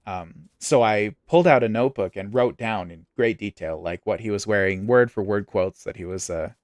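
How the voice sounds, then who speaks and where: A man's voice: on the low side, moderate pace, no echo. A young man streaming a game, chatting and joking while telling stories. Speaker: gaming streamer. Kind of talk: casual chat while playing a game.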